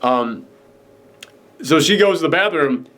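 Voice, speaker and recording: A young man co-hosting a casual film chat, animated and excited, acting out characters' lines as he talks. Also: on the high side, a little slow. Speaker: podcast co-host reviewing a film.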